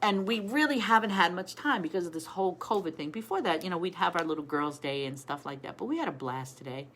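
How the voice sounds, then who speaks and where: A woman's voice: on the low side, expressive, quick pace, fairly bright tone. A middle-aged woman hosting a casual live stream, chatting and telling stories while greeting viewers by name.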